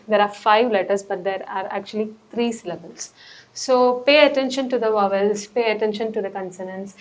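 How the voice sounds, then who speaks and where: A woman coaching test preparation, explaining word stress in an unscripted way, with fillers and rephrasing. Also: medium pitch. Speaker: PTE coach. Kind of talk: English lesson explanation.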